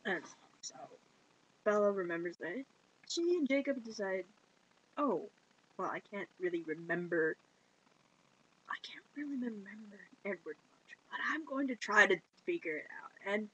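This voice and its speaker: A woman's voice: medium pitch, expressive, a bit bright, lo-fi sound. Chatty woman retelling a movie plot, laughs a lot, does little character voices. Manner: giggly, acts out lines in quick put-on voices. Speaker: movie reviewer. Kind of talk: casual plot recap with playful voices.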